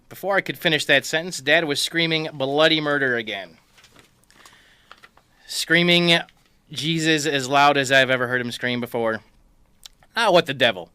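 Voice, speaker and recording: Man, comic storytelling, wry and deadpan, bright, sharp voice, dry close sound. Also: fairly high pitch, moderate pace, pauses often, clear, resonant tone, no room sound. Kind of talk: reading a comic personal story.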